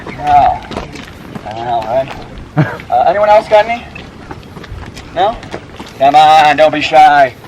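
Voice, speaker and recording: A man's voice: a little high, animated, slow pace, pauses often. Upbeat man guiding a hike with corny jokes. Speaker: hiking tour guide. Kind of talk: joking tour narration. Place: outdoors on a mountain trail. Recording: outdoor wind noise.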